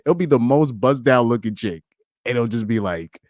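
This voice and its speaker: A man hosting a casual live stream chat, talking in an animated, rambling way, with frequent laughs and repeated words. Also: mid-range voice, normal speed, dry recording, studio quality. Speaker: podcast host.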